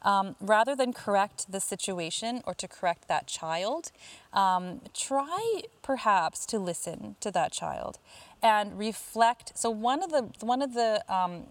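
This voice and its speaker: A woman coaching parents in a casual talk, answering listener questions and often pausing with fillers and restarts. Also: mid-range voice, expressive, no room sound. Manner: chatty, lots of fillers and restarts.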